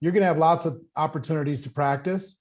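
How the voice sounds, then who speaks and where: A man's voice: on the high side, fast talker, a little mellow. A man hosting a panel as a speaking coach, talking emphatically and listing questions. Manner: emphatic, repeats questions in lists. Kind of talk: coaching talk on video panel.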